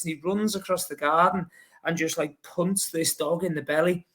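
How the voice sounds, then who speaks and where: A man with a Scouse accent, a podcast guest telling a rambling, lively story full of fillers. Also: high-pitched, moderate pace. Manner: lively, rambling, heavy with fillers like "you know". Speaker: podcast guest, long-distance runner. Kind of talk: casual anecdotal storytelling.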